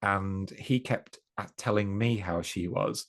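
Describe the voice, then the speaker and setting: This podcast guest, a man from England's East Midlands, has a lowish, slightly bright voice and takes his time speaking. Casual yet earnest and reflective, he often begins sentences again and corrects himself.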